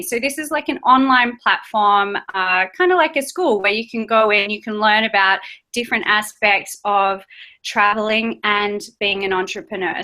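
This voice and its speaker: Bright upbeat Australian woman. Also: fairly high pitch. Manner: upbeat, enthusiastic self-promotion. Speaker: guest, business and travel coach. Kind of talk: casual interview chat.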